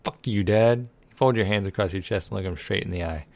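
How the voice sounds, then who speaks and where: A man's voice: low-pitched, fast talker, gravelly. A man reading a text game aloud and adding sarcastic, irreverent commentary, swearing freely. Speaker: let's play gamer.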